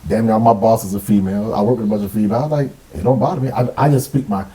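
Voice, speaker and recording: Fast-talking man with a dark voice. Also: lowish voice, poor audio. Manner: blunt, animated storytelling with quoted dialogue. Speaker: podcast co-host. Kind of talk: casual chat.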